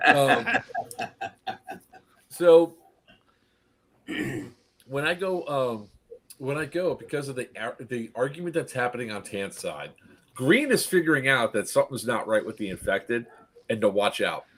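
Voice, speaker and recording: A man recounting an airsoft-style event to friends in casual chat, laughing often and acting out what the players yelled. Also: medium pitch, animated, a little slow, long pauses. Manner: laughing storyteller, acts out players' lines. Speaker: event organizer recapping a game. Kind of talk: casual group chat recap.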